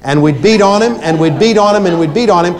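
A male preacher with a somewhat high voice delivers an emphatic sermon. He swings between loud, forceful commands and quieter asides, repeating his phrases for emphasis. He speaks directly to his congregation. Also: fast talker. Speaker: preacher teaching deliverance ministry.

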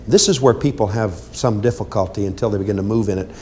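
A man's voice: fairly low pitch, fast, slight background noise. A man preaching a sermon on deliverance ministry, emphatic and commanding, repeating phrases and talking straight to his congregation. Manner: emphatic, swinging between loud commands and quiet asides.

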